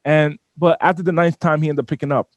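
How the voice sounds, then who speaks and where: A man telling a personal story as an interview guest, animated and often repeating and restarting his words. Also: a little high, quick pace, no echo, lo-fi sound. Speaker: business owner guest. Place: studio.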